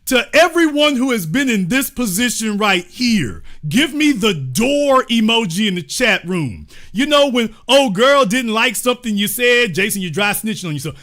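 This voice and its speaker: A man hosting a live stream with a high, lively voice that swings all over. His tone is bright and forceful. He jokes with his chat in slangy, casual talk and keeps breaking into acted-out scenes. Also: normal speed, hardly any pauses. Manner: animated, joking, acts out scenes with slangy asides to the chat. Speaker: host of a live-streamed commentary show.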